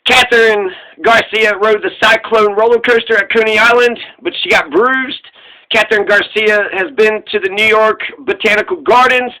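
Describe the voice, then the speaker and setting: A man rants through casual commentary with a high, piercingly bright voice. He is sarcastic and crude, swearing freely and mocking what he hears. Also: steady tone, moderate pace, rough recording. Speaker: political commentator.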